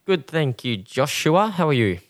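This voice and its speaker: A man's voice: a little high, big pitch swings, measured pace, dry recording. A young man co-hosting a music podcast, with dry, laid-back quips. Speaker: podcast co-host. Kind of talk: casual podcast chat.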